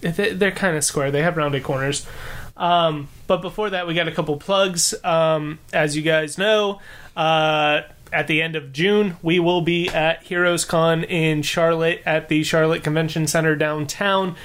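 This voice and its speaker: A man with a fairly high voice hosts a loose podcast chat among friends. He rambles through announcements, padding his talk with "uh" and "um". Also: fairly even intonation, measured pace, fairly bright tone, clear, resonant tone. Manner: rambling, full of fillers. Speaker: podcast host. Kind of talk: casual chat.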